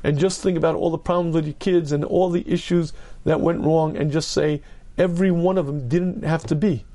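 A man, a rabbi, giving an earnest Torah lecture, stressing points by repetition and clearing his throat often. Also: on the high side, steady tone, brisk, dark tone. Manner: earnest, emphatic, repeats key phrases.

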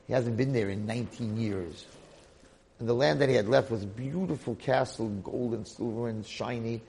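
A man giving a Torah lecture who tells a story in an animated, colloquial way. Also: mid-range voice, normal speed, creaky, slight background noise.

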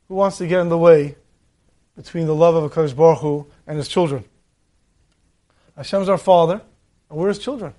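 A man preaching a sermon, telling a parable in an animated storytelling manner. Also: sits high.

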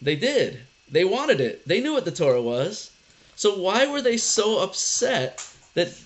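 Animated, conversational male teacher. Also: sits high. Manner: conversational, asks the class questions, animated storytelling. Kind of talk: casual classroom lesson.

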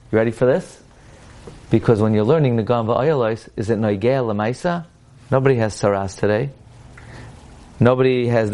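Male Torah teacher, lively lecture delivery. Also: medium pitch. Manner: animated lecturing, mixing English with Hebrew and Yiddish-accented quotes.

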